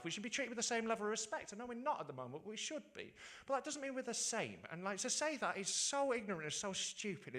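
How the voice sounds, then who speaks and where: A young adult man from the UK doing stand-up comedy. He is sweary and animated and keeps checking in with "right?". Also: very high-pitched. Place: stage before a live audience.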